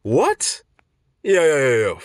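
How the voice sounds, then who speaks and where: Animated young man, dry close recording. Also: fairly high pitch, takes it slowly, no room sound. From Florida. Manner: animated storyteller, laughs often, repeats himself. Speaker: vlogger. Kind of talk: casual commentary.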